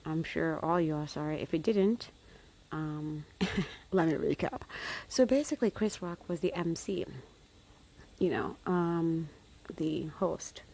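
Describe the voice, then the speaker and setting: A woman with a slightly low voice chats casually to her followers. She rambles along in a playful, loose way and keeps slipping into hushed, whispered asides. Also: gravelly. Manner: chatty and rambling, with playful greetings. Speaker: vlogger.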